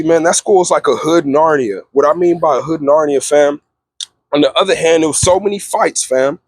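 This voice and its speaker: A man's voice: a little high, slightly rough, no echo. A young man from Texas telling a casual storytime vlog, laid-back and constantly saying "fam". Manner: laid-back, says "fam" constantly, acts out voices with laughs.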